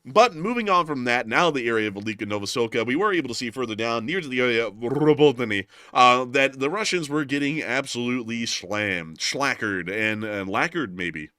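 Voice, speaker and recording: A man giving casual war news commentary over clips, jokey with deadpan puns and broken-English asides. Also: medium pitch, brisk, hardly any pauses, no echo, studio quality.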